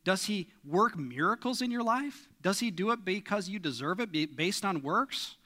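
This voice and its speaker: A man's voice: sits high, expressive, normal speed, bright, forceful tone. A middle-aged man preaching a sermon in a church, earnest and emphatic, pressing his listeners with questions. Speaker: pastor. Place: church sanctuary.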